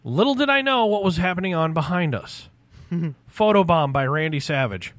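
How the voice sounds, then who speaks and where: A man in his forties, a podcast host, telling a story in casual, profane chat, animated and loud at the big moments. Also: fairly high pitch, normal speed, no room sound.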